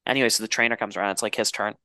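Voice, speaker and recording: A young man co-hosting a podcast, his voice bright and forceful. He rambles animatedly through stories and swears freely. The recording is close and dry, with no room sound. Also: on the low side, steady tone, rapid-fire, no echo. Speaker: podcast co-host. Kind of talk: casual chat.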